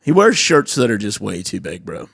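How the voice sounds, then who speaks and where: A man's voice: fairly low pitch, big pitch swings, moderate pace, creaky, a bit bright, breathy edge, no room sound, clean studio sound. A man co-hosting a podcast in casual chat, joking around and laughing often. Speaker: podcast co-host. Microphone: studio podcast mic.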